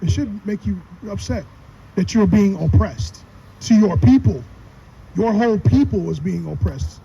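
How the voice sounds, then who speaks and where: A man's voice: sits high, expressive, unhurried, gravelly, mellow, slightly rough, muffled recording. A man earnestly explaining Bible verses in a casual street teaching style.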